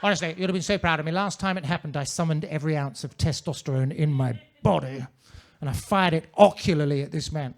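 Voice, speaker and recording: A man's voice: on the high side, quick pace, hardly any pauses. A man performing a stand-up comedy set on a comedy club stage, in a pompous manner with ornate wording.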